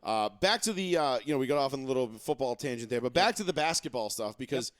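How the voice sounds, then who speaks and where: Animated, profane male sports-talk host. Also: medium pitch, fast talker, no echo, clean studio sound. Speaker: podcast host. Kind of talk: casual sports talk chat.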